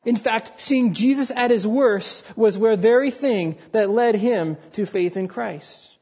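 Mid-sermon, an earnest preacher presses each point emphatically to his congregation. His voice is middling in pitch, neither high nor low, mellow and slightly rough, delivered at a measured pace.

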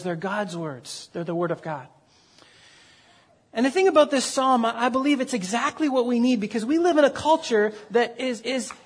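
A man preaching a sermon as pastor, earnest and conversational, with frequent fillers and repeated words. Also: extremely high pitch.

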